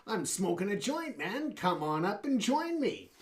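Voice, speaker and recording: A man voicing a relaxed stoner male bear in a told joke, drawling and calling people man. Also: sits high, a little slow. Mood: mellow.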